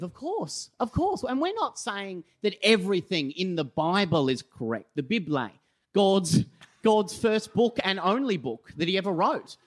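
An Australian man delivers a live comic debate speech in a self-mocking, sarcastic-sounding way. His voice swings widely in pitch and sits a little high for a man. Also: a bit bright. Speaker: comedy debater. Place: live comedy venue stage.

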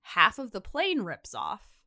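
A woman's voice: medium pitch, wildly swooping pitch, takes it slowly, bright, forceful tone. A woman co-hosting a podcast, casually retelling a story and acting out the quotes with lots of "like". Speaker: podcast co-host.

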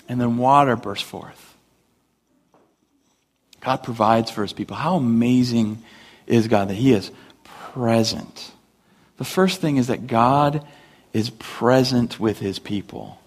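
Conversational pastor preaching a sermon. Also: male voice, mid-range voice, measured pace. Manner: conversational, animated storytelling with acted-out voices.

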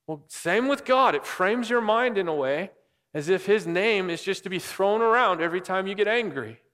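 His voice sits high, fairly bright, at a moderate pace. As a pastor, he preaches a sermon in a conversational way, explaining scripture and questioning the congregation as the hall's long reverb rings out.

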